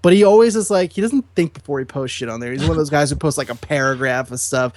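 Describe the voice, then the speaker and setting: A man's voice: on the high side, quick pace, dry recording. A man co-hosting a casual podcast chat, telling stories with lots of laughter. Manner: animated storytelling, laughs often. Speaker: co-host.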